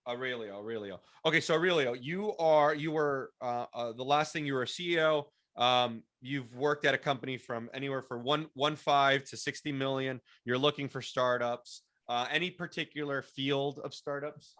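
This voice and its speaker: A man whose first language is Spanish leads an online workshop over a video call. His voice is bright and forceful, and his talk is coaching, with frequent restarts and repeated words. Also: medium pitch, fairly even intonation, moderate pace, few pauses. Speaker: workshop presenter.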